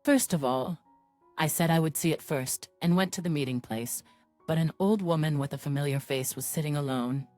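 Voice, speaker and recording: Low-voiced woman narrating a story. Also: normal speed, darkish tone, no echo, faint music behind.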